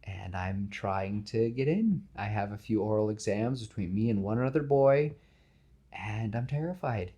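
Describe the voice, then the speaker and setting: Dude doing a nervous young woman, earnest and scared, deep-ish voice underneath. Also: unhurried, dark tone, dull audio. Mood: anxious. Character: anxious young woman, frightened but ambitious.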